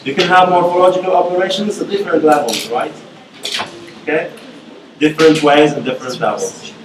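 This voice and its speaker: A man's voice: a little high, fairly even intonation, noisy background. A male university lecturer teaching a class, often checking in with "okay?" as he explains. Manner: repeats "okay?" to check understanding, slow and deliberate. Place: lecture hall. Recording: echoey classroom.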